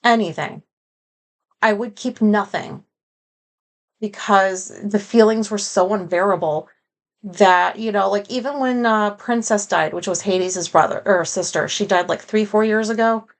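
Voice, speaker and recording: A woman's voice: medium pitch, measured pace. A woman hosting a personal podcast, talking frankly and emotionally, rambling and going off on tangents. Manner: frank and emotional, with many fillers. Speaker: podcast host. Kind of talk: casual personal podcast monologue.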